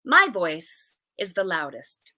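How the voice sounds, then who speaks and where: A woman reading a short story aloud with an expressive, animated delivery. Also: fairly low pitch, slow. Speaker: reader.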